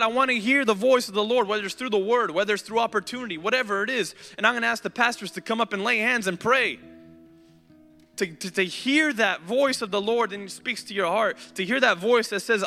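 A man's voice: very high-pitched, vocal fry. A man preaching a sermon and giving an altar call, earnest and pleading, with repeated invitations to come up. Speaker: pastor. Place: church sanctuary. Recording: hall reverb, music playing softly behind.

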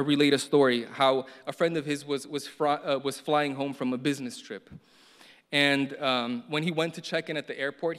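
A man's voice: fairly high pitch, fairly bright tone. A man preaching a sermon in an earnest way, often repeating words and building to emphatic stresses. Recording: long hall reverb.

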